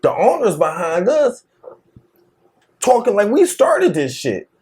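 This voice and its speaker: A man telling a wild story in casual chat, slangy and animated, laughing often and acting out the quotes. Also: sits high, takes it slowly. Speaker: podcast co-host telling a story.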